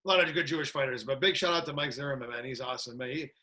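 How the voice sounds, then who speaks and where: A man's voice: mid-range voice, very fast, pushed and bright. A man from Canada, a martial arts trainer, chatting as a guest in an upbeat way, laughing often. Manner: upbeat, laughs a lot, repeats "that's it". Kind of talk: casual chat.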